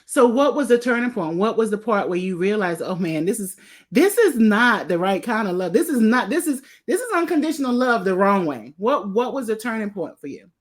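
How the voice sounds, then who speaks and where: A woman hosting a podcast interview who affirms her guest and gets excited as she responds. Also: brisk. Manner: warm affirming listener, gets excited, rising pitch. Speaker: podcast host. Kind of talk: interview conversation.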